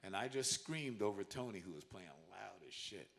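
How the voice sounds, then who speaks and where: A man telling lively, profane stories to an audience in a concert hall, humming bass lines and shouting out quoted lines. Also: moderate pace, creaky. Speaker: guest musician telling stories at a masterclass. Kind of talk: animated storytelling to a live audience.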